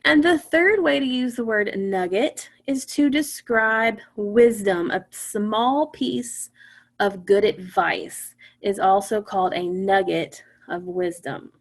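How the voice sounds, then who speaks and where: A woman teaching a phonics lesson to young children, patient and encouraging, sounding out words slowly. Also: mid-range voice.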